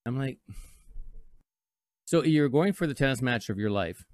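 A man hosts a live radio show from a studio, speaking slowly in an animated, medium-pitched voice. He rambles casually through reflective stories and slips into playful mock voices. The recording is dry.

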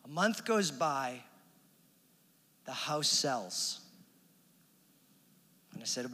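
A man's voice: mid-range voice, expressive, drawn-out words, long pauses, bright, forceful tone, in a large hall. A man preaching a sermon testimony, telling his story with animation and acting out the voices of the people in it. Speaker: minister.

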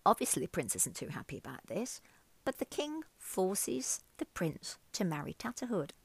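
A woman storyteller telling a folk tale aloud in an expressive way and then reflecting on its meaning. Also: medium pitch, normal speed, vocal fry, slightly rough, no echo. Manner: expressive, reflective, uses fillers.

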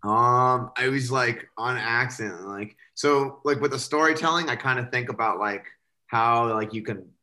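A man's voice: mid-range voice, moderate pace, pushed and bright. A male comedian guest on a podcast, chatting casually in a rambling way, with lots of "like" and frequent laughter. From United States. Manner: rambling, many fillers, laughs often.

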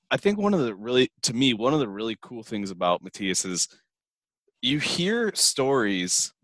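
A man hosting a podcast talks in a relaxed, unhurried way and often repeats himself as he starts a thought. His voice sits at a middle pitch and sounds dry and close to the mic. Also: dry recording. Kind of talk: casual chat.

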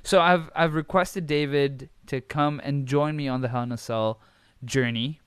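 A man's voice: mid-range voice, steady tone, moderate pace, clear, resonant tone, dry recording. A man hosting a solo podcast, casual and rambling, swearing freely and correcting himself as he goes; he says he keeps switching between accents. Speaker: podcast host.

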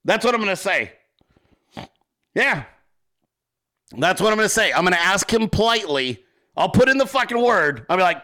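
A male host giving excitable, profane political commentary, laughing often as he talks. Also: high-pitched, moderate pace, pauses often. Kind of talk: casual commentary.

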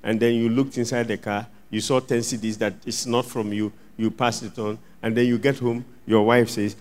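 A man preaching a sermon as pastor, swinging from loud outbursts to hushed asides and acting out little scenes. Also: medium pitch, steady tone, moderate pace. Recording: long reverb of a large hall.

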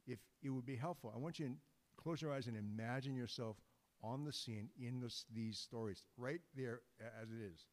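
A man delivers a sermon in an easygoing, joking way, often breaking off and restarting his phrases. His voice sits at an ordinary middle pitch. The sound rings out with the long reverb of a large church sanctuary. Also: darkish tone. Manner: informal, joking, conversational with restarts. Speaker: guest preacher.

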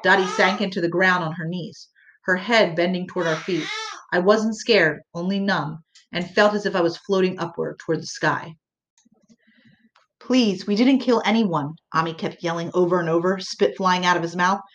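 A woman narrating an audiobook in a measured, earnest way. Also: fairly low pitch, fairly even intonation, a bit bright.

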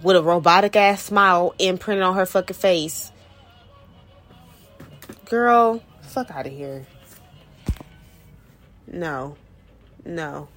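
A woman's voice: on the low side, takes it slowly, pauses often, fairly bright tone, faint music behind. A woman podcast host, ranting bluntly and profanely in a heated monologue.

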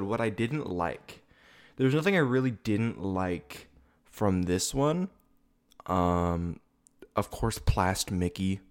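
A young man with a fairly low voice gives loose, chatty commentary, swearing freely and breaking into laughs. He drifts off topic and circles back with a lot of filler. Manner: rambling, swearing, laughing often. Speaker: video podcast host. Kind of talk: casual rewatch commentary. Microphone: camera setup.

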